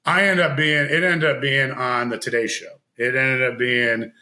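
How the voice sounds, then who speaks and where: A man telling a long personal story in casual chat as a podcast guest, animated and laughing, acting out what others said. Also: medium pitch, moderate pace, rough recording. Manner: animated, laughing, acts out quoted voices.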